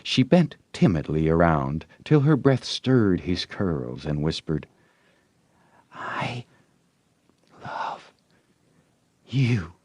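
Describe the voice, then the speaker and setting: Male audiobook narrator, slow and unhurried, lively pitch, dry close sound, animated storytelling. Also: no echo.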